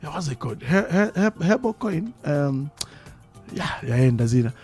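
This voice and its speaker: A Zambian man hosts a live radio talk show in a dry studio, faint music behind him. His voice sits a little high, and he tells stories in an animated way, hammering phrases home by repeating them. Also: moderate pace, breathy edge, no room sound. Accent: Zambian English. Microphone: studio microphone.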